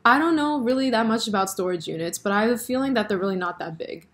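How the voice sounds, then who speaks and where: A young woman talking to her vlog camera in a loose, chatty way. She rambles, fills every pause with "like" and "um", and breaks into laughs. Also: on the high side. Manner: chatty, animated, lots of fillers and laughs. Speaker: vlogger. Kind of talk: casual chat about a TV show.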